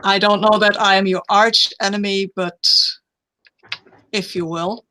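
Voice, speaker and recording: A woman's voice: medium pitch, steady tone, a little slow, bright, forceful tone. A woman voicing an upright male masked vigilante of justice in a tabletop game, speaking formally and indignantly. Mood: wry.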